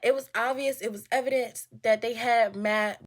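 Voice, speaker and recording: A woman in her twenties telling a storytime in a casual, profane, animated way, acting out what others said. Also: on the high side, normal speed, heavy background noise. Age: 20s. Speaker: storytime vlogger.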